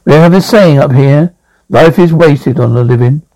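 A man's voice: fairly high pitch, warm tone, no room sound, natural voice, rough recording. A man voicing a small, grumpy, long-dead great-grandfather ghost who talks down to his great-grandson in a lofty, scolding way. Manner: lofty, scolding, slow and deliberate.

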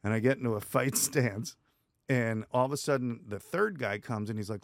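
Man, gravelly voice, animated storytelling, podcast guest, dry close mic. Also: medium pitch, moderate pace, dry recording. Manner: animated, acts out quotes in the story. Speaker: guest, stuntman. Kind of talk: casual storytelling.

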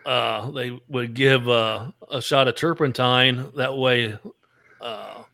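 A man co-hosting a rowdy talk show, trading jokes and folksy stories with a ready laugh. His voice sits in a middle pitch and has a bright, forceful edge. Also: fairly even intonation, takes it slowly, vocal fry. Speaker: podcast co-host. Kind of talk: casual chat.

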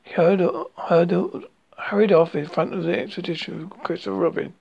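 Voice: mid-range voice, steady tone, creaky, a little mellow, husky. A storyteller reading a children's storybook aloud, stumbling and restarting often. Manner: halting reading with frequent slips and restarts. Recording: dull lo-fi recording.

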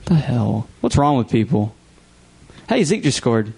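A young man co-hosting a casual podcast, telling stories with a lot of animation and jumping high in pitch when he quotes people. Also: very animated, a little slow, creaky, darkish tone, breathy edge. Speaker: podcast co-host. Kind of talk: casual chat.

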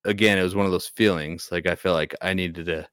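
A man's voice: sits low, fairly even intonation, brisk, fairly bright tone, clear, resonant tone, no echo, clean studio sound. A young man casually telling a ghost story on a podcast, rambling and restarting often. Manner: rambling, hesitant, many restarts. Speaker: podcast guest.

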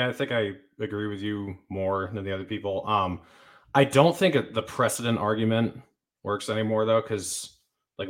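A man hosting a casual podcast, relaxed and rambling as he lays out his opinions. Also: lowish voice. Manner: relaxed, rambling, says "like" a lot. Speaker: podcast host.

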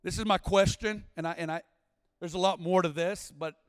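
A man preaching a sermon at a church service, impassioned, building to shouts and sing-song cadences. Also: sits high, fairly even intonation, normal speed, clean tone, dry recording, long reverb tail. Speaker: guest preacher.

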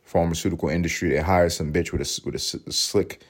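A man with a notably low voice holds forth in a loose, comedic podcast monologue. His talk is profane and rambling, and he breaks off into laughing asides as he riffs. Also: steady tone, fast, breathy edge. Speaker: podcast host.

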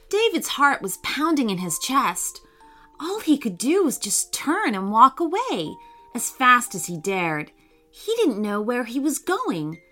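Female storyteller, slow and animated, reading a children's book aloud. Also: medium pitch. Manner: reads slowly, puts on voices for characters.

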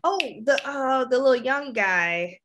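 A woman's voice: high-pitched, expressive, unhurried, background noise. A woman co-hosting a casual chat, laid-back, laughing often and trailing off mid-sentence. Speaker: co-host.

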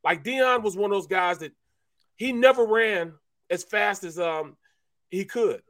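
High-pitched guy, ex-player, telling gym stories on a sports show, super animated. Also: a little slow. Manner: animated storyteller, acts out voices. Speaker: co-host, former NFL player. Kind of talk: casual sports talk storytelling. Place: podcast studio.

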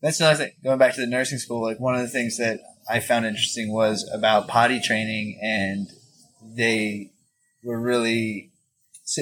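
A man's voice: mid-range voice, a bit bright. Man, podcast co-host, thoughtful, casual conversational delivery. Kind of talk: casual chat.

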